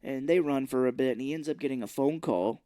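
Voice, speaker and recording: A man's voice: mid-range voice, brisk, dry recording, clean studio sound. A man co-hosting a podcast, recapping a film in casual chat and acting out scenes as he goes. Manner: animated storytelling, acts out scenes. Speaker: podcast co-host.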